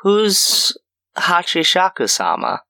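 A man's voice: high voice, huge pitch swings, slow, gravelly, pushed and bright, voice pushed up, exaggerated voice. A man voicing a frightened young boy who asks anxious questions in a raised voice. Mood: scared.

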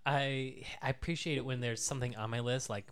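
A man's voice: medium pitch, steady tone, fairly quick, clear, resonant tone. A man chatting casually, telling rambling stories and laughing at himself. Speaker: podcast guest. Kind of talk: casual chat.

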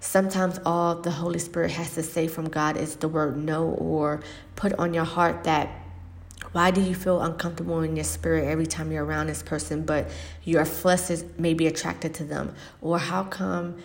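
A woman with a low, gravelly voice hosts a faith-based podcast monologue. She speaks in a flat, even tone, earnest and reflective, pausing often and filling gaps with soft ums. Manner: earnest and reflective, with frequent pauses and fillers. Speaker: podcast host. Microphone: podcast microphone.

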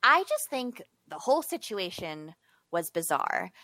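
A woman's voice: mid-range voice, big pitch swings, unhurried, sharp tone, dry recording. A woman co-hosting a podcast, chatting casually with stammering restarts and frank opinions. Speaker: podcast co-host. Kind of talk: casual chat recapping a reality show.

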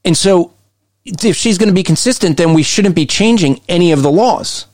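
Male co-host, pushy and emphatic, slightly raised pitch, breaks down clips for listeners. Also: animated, moderate pace, a little mellow, dry recording, studio quality. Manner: emphatic, argumentative, often shifts pace. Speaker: podcast co-host. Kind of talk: commentary on played interview clips.

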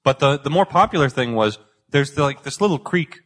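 A man's voice: a little high, expressive, a little fast, fairly bright tone. A young man from the Boston area, chatting casually as a podcast guest, rambling and self-deprecating, swearing freely. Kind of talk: casual chat.

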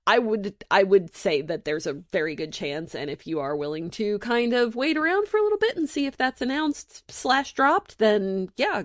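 A woman's voice: medium pitch, no room sound, studio quality. A woman co-hosting a podcast, talking casually and a little hesitantly, often restarting her sentences. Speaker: podcast co-host.

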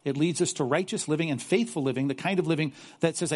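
Earnest higher-voiced male preacher. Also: fast, darkish tone. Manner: earnest, repeats words when stressing a point. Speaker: pastor. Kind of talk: sermon.

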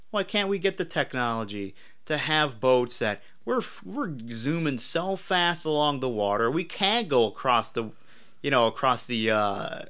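Man, podcast co-host, casual chat, playful and jokey, bright tone. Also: mid-range voice.

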